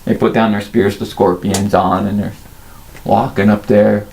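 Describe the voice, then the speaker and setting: A man narrating a tabletop role-playing game as game master, in a playful, animated way. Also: fairly low pitch, unhurried, gravelly, a little hiss or hum. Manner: animated, playful scene-setting.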